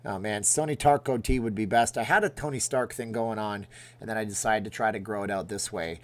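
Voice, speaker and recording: A man's voice: on the low side, fairly quick. A middle-aged man hosting a casual livestream, rambling and joking as he reacts aloud to viewer comments. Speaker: livestream host reading chat.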